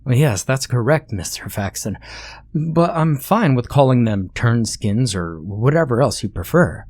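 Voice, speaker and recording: A man's voice: mid-range voice, expressive, unhurried, darkish tone, dry recording, voice pushed up. A man doing a fussy young royal scholar with a raised, slightly strained voice. He is courteous and very formal, and he stammers over his words with little fillers. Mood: formal, polite.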